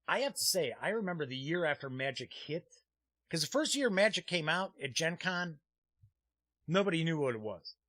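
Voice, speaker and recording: Guy hosting a gaming live stream, fairly high voice, rambly, lots of uhs, dry close mic. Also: sing-song, moderate pace, a bit bright, no echo. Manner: chatty and rambling, with frequent "uh" fillers; reads viewer chat comments aloud. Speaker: host of a tabletop gaming news live stream. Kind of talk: casual live-stream chat. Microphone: streaming desk mic.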